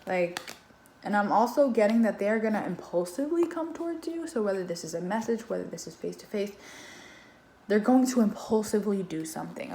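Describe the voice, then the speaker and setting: This tarot reader has a mid-range voice with a darkish tone, and she talks loosely to the viewer, swearing often and using plenty of fillers. The clip was recorded in an echoey room with faint background noise.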